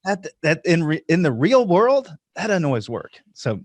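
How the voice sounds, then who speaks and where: A man's voice: a little high, sing-song, moderate pace. A man hosting an interview podcast, telling a story about clients and asking his guest questions in a casual way. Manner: storytelling, retells client talk. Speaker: podcast host.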